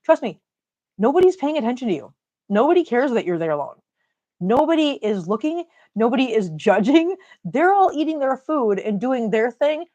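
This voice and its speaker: A woman's voice: fairly high pitch, sing-song, moderate pace, warm tone, lo-fi sound. Chatty laughing Midwestern woman streaming live. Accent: Upper Midwest American. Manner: chatty, laughs often, reads viewer comments aloud. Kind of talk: casual live-stream chat.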